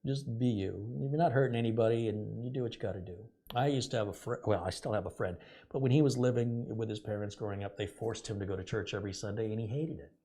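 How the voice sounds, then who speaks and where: A man's voice: on the low side, fast talker, mellow, husky. A middle-aged man hosting a casual live stream, sarcastic and rambling, reading out viewer donations.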